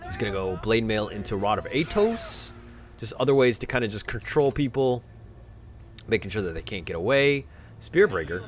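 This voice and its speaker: A man giving casual replay commentary on a video game match, chatty with joking asides and rising excitement during fights. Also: fairly low pitch, normal speed. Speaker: game analyst.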